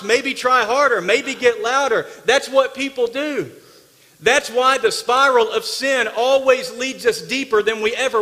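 A man preaching a sermon from the pulpit, emphatic and dramatic, dropping from loud bursts to hushed asides. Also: high voice, in a large hall. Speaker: pastor. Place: church sanctuary.

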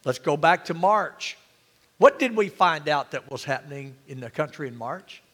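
A man's voice: a little high, lively intonation, normal speed, fairly bright tone, long reverb tail. A man pastor preaching a sermon in a church, full of rhetorical questions and calls for amen.

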